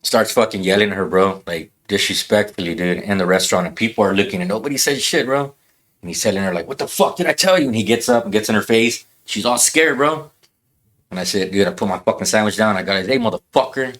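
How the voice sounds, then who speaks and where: Low-voiced, fast-talking blunt man. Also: fairly bright tone. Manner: blunt, profane, says bro a lot. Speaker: podcast guest. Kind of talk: casual chat, storytelling.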